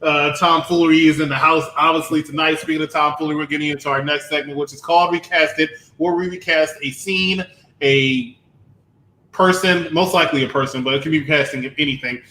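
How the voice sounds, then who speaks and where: Bright-voiced man hosting, echoey room. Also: fairly high pitch, steady tone, fairly quick. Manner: rambling, chuckling, show-host announcements. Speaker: podcast host. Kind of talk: casual movie review chat.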